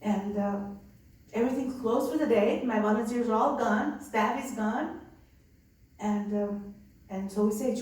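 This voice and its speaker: A woman's voice: fairly high pitch, unhurried, pauses often, darkish tone. Earnest woman. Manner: earnest, conversational with many fillers. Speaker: nun running a migrant respite center. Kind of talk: personal storytelling. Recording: echoey room from far off, faint ambience.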